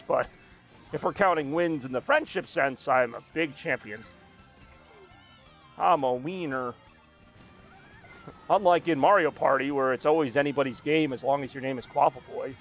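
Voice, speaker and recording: A young man streams a racing game, talking at medium pitch and normal speed with long pauses while faint music plays behind him. He rambles loosely, cracks jokes, and reacts to comments from his chat.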